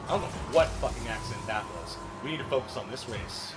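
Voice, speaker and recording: A man streaming a racing game, commenting casually, swearing often and breaking into yelps and shouts. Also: medium pitch, brisk. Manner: excitable, swears a lot, bursts into yelps and shouts. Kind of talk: live gameplay commentary. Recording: noisy game stream audio.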